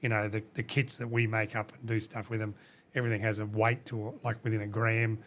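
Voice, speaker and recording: Low-voiced man explaining at length. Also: flat delivery, fast talker, fairly bright tone. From Australia. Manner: rambling, explanatory, many restarts and "you know". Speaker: company CEO, guest. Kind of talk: casual podcast interview.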